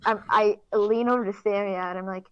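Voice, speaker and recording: A woman's voice: mid-range voice, fairly even intonation, a little fast, clean tone, muffled recording. A young woman playing a tabletop game, joking and teasing in a casual way. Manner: playful, teasing. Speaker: player.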